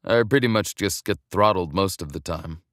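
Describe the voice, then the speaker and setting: A male narrator doing a blunt former soldier in his late twenties. The voice is low and terse, and it sounds close and dry. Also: normal speed, a bit bright, no echo. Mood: steady.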